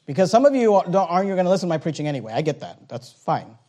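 A man with a high voice preaches with animated energy, jumping into acted-out exchanges between people. He drives his points home bluntly and drops in wry jokes along the way. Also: very fast. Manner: animated preaching with acted-out dialogue and rising emphasis; blunt, joking asides. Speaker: pastor. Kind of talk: sermon.

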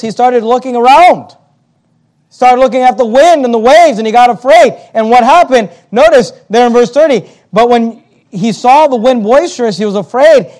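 A man with a very high-pitched voice preaches a sermon. He reads scripture aloud in old-fashioned wording, then explains it plainly and argues his point with emphasis. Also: darkish tone.

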